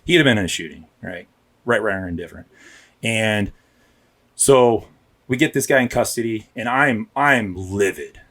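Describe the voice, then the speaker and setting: A man's voice: on the low side, lively intonation, normal speed, a bit bright. A man, a police officer, telling his story candidly and emphatically in a casual podcast interview, often checking in with "right?". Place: podcast studio.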